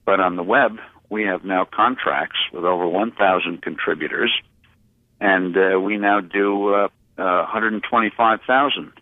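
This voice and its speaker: A man with a very low voice answers interview questions slowly and haltingly, stopping often on filler sounds and restarting his phrases. The sound is thin and phone-like, with no room around it. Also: no echo. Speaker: interview guest, publisher. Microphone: phone line. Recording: tinny phone line, dry.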